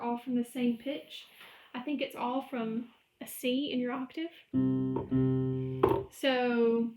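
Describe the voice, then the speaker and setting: A woman's voice: fairly high pitch, a little mellow. A woman music teacher giving a recorded lecture, explaining rhythm step by step and chanting the syllables. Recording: echoey room.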